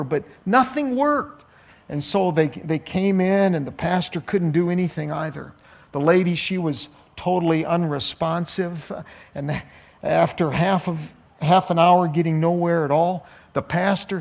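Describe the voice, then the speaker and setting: Male pastor giving a sermon; gravelly, higher-pitched, halting delivery. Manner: halting, with frequent uh fillers and restarts.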